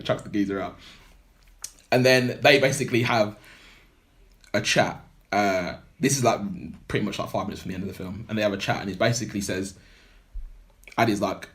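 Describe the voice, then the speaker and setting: A man's voice: fairly low pitch, fairly bright tone. A young man casually retelling a film plot on a podcast, rambling with lots of fillers. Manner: rambling storyteller, heavy filler words. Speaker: podcast co-host. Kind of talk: casual film recap chat.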